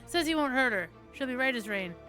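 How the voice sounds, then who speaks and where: A woman voicing a rough, menacing young male gang leader in a put-on accent, reading a story game aloud. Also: high-pitched, expressive, brisk, pushed and bright, soft background music. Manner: swaggering threats.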